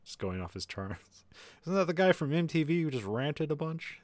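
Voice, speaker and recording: A man's voice: a little high, sing-song, moderate pace, darkish tone, dry recording. Swearing man chatting on a dry mic. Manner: swears casually, laughs often. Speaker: podcast co-host. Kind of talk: casual movie review chat.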